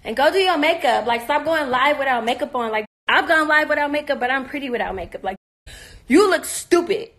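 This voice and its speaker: A woman's voice: high voice, lively intonation, a little fast, a bit bright. A woman on a live stream, ranting in a confrontational, profane, mocking way, her voice worn from talking all day. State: losing her voice. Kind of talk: heated live-stream rant.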